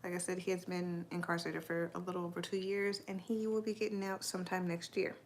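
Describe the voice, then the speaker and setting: A woman's voice: on the low side, little pitch movement, fast talker. A young adult woman chatting casually on a live stream, rambling and answering viewers' comments as they come in.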